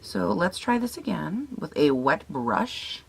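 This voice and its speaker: A young woman with a raspy morning voice, chatting casually as she tests makeup, swearing now and then and laughing at herself. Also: low-pitched, sing-song, takes it slowly. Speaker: beauty vlogger. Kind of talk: casual makeup tutorial chat.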